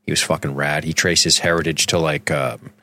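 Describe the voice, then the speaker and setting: Deep-voiced man in casual podcast banter. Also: level tone, a little fast, sharp tone. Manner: rambling, profane, jokey. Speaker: podcast co-host. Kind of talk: casual film podcast chat.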